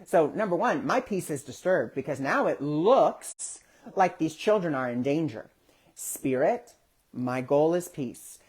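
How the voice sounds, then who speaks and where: A man's voice: fairly high pitch, lively intonation, a little slow, slightly rough. A man hosting a casual spiritual talk online, telling stories animatedly and acting out the voices he quotes. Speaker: spiritual discussion host. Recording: social media live stream.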